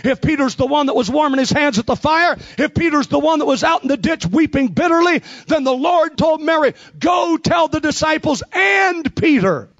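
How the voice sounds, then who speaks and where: A man preaching an impassioned revival sermon, with rhythmic repetition and bursts of shouting. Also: very high voice, fairly quick, few pauses, lo-fi sound.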